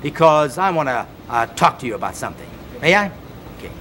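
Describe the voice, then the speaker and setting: Energetic vintage TV fitness host, man. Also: on the high side, a little fast, noisy background. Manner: energetic counting and coaxing commands; earnest, personal direct address to viewer. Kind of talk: TV exercise instruction to viewers.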